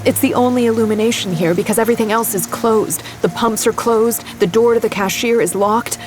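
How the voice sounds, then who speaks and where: A young woman narrating her own story in first person in an audio drama, quiet and haunted, in an inner monologue. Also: fairly high pitch, a little fast. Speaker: narrator and lead character.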